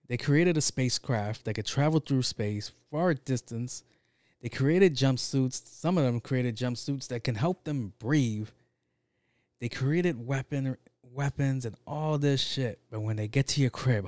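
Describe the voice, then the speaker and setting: A man's voice: medium pitch, a little mellow, no echo, clean studio sound. A man talking in a loose, rambling monologue, swearing often and leaning on fillers. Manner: profane, rambling, with frequent fillers.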